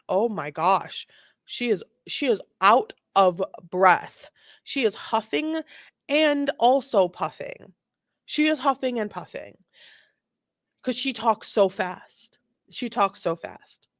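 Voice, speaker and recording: A woman's voice: medium pitch, animated, slow pace, fairly bright tone, no room sound, studio quality. A woman giving sarcastic, joking running commentary on a video. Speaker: commentator reacting to body cam video. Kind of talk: casual reaction commentary.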